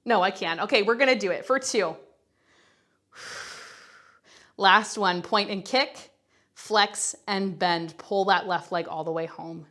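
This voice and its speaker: Speaking slowly in a mid-range, fairly bright voice with long pauses, a Pilates instructor guides a workout. She does the exercises too and sounds a little out of breath, coaching in an upbeat, conversational way and counting reps.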